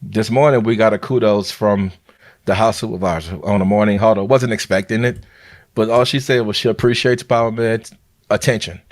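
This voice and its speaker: A man's voice: fairly low pitch, steady tone, normal speed. A man, a biomed manager and podcast host, giving earnest, heartfelt advice in a casual podcast chat.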